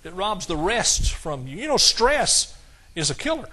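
A male preacher delivers a sermon with a slightly raised pitch. He talks in a folksy, conversational way and slows into a measured cadence whenever he quotes scripture. Now and then he chuckles at his own jokes. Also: big pitch swings, sharp tone.

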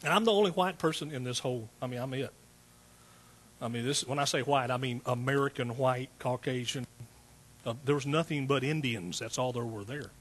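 A middle-aged man preaching a sermon in a church, telling stories in a folksy, animated way and acting out what people said. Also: mid-range voice, brisk, husky. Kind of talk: sermon with storytelling.

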